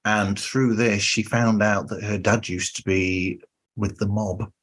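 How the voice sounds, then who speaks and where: A man in his fifties hosts a podcast in a relaxed, conversational way. His voice is lowish and a little husky. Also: measured pace. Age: 50s. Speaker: podcast host. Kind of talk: casual podcast chat.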